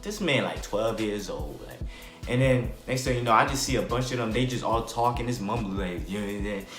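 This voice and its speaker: A man's voice: lowish voice, lively intonation, fairly quick, a bit bright. A young man from New Jersey telling a casual storytime, rambling and slangy, with lots of "bro" and "like". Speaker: vlogger. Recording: roomy with faint music.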